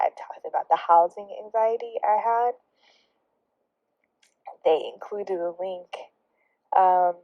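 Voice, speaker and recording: Young woman, vlogger, sarcastic storytelling, whispered asides, fry in the voice, dull dry recording. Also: on the low side, dry recording. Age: young adult. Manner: sarcastic, drawling asides with frequent laughs; drops into hushed, whispery remarks. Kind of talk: casual storytelling monologue.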